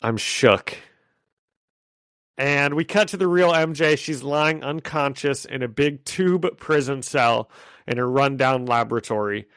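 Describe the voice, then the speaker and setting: Podcast guy gushing over a comic issue, laughs a lot, normal pitch, dry close sound. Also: a little slow, smooth, no room sound. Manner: excitable, laughs easily, thinks aloud. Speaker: podcast co-host. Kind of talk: casual chat recapping a comic issue.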